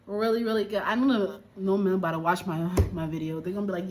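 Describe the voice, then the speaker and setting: A woman's voice: mid-range voice, fairly even intonation, quick pace, darkish tone, a little hiss or hum. A woman from Liberia chatting animatedly and exclaiming as she reviews a film. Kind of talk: casual movie review.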